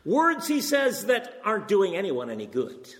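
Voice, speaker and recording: Older male preacher, high, very animated voice, earnest sermon with pointed rhetorical questions, long hall reverb. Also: moderate pace.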